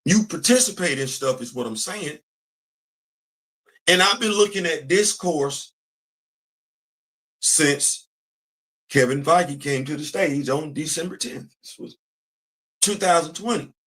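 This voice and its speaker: A man hosting a commentary channel, talking in a casual, animated way, repeating phrases and answering himself with call-and-response. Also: a little high, a little slow, long pauses.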